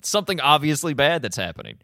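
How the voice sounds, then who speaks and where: A man in his thirties co-hosting a podcast, recapping an episode in casual chat, animated and laughing often. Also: on the high side, fast, dry recording, clean studio sound. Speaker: podcast co-host.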